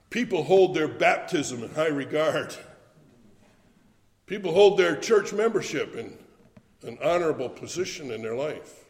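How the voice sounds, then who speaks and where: A man preaching a sermon, emphatic and building to fervent shouts. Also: on the high side, reverberant, big-room sound.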